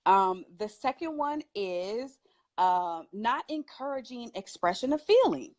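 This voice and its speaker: Lively, emphatic woman with a high voice. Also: unhurried. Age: adult parent. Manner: lively, emphatic, laughs often. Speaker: guest speaker. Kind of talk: talk show advice.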